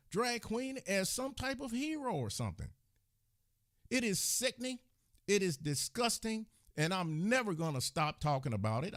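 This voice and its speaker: A man's voice: fairly high pitch, fairly bright tone, no echo, studio quality. An angry, indignant man ranting. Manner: heated, indignant, scolding. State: agitated. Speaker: channel host. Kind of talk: angry commentary rant to the camera.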